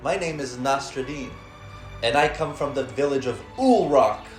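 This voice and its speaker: A man voicing a clever, sly folk trickster, talking smoothly and persuasively in a plain voice. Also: medium pitch, moderate pace, echoey room, soft background music, voice pushed up, close to an everyday voice.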